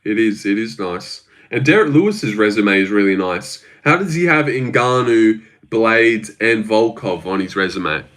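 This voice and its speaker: A man's voice: on the low side, lively intonation, a little slow, hardly any pauses, fairly bright tone. A man chatting casually on a livestream, rambling, swearing freely and reading out chat messages. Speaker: livestream host.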